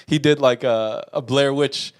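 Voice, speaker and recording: A man's voice: mid-range voice, fairly even intonation, unhurried, clear, resonant tone. A man co-hosting a podcast in casual chat, retelling stories with quoted voices and frequent swearing and laughs. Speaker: podcast co-host.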